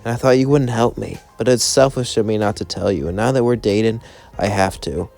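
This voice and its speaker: A man's voice: lowish voice, a little fast, creaky, darkish tone, faint music behind. A man voicing a guarded young woman hesitantly confessing a secret.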